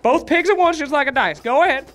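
A man hosting a comedic segment at an esports event, talking in an exaggerated, excitable way and often shouting. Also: very high-pitched, fast. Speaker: event host. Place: esports event venue, indoors.

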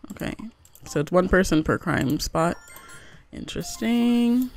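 A woman's voice: mid-range voice, expressive, moderate pace, darkish tone, soft background music. A young woman hosting a gaming video, chatting casually and reading the game's text aloud, with many "like" fillers. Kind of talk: casual let's-play commentary.

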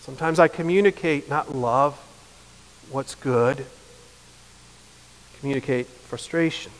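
A man, preaching a sermon as pastor, earnest and building to impassioned emphasis before dropping soft. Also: medium pitch, a little slow. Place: church sanctuary. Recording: long reverb of a church hall.

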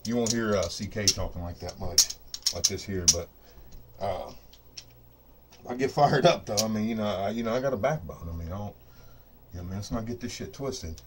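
The recording is very noisy as a middle-aged man, host of a craps dice-control video, speaks in a brisk, lowish voice. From a home studio arranged for rolling dice, he delivers an off-the-cuff, profane rant to camera. He brags with lots of energy and keeps saying "you know what I mean."

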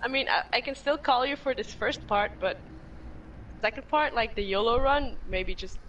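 A woman's voice: on the high side, normal speed, a bit bright, dull audio, a little hiss or hum. A woman playing a co-op game on a stream, chatting in a playful, giggly, silly way. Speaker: co-op gaming partner. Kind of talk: casual live gaming chat.

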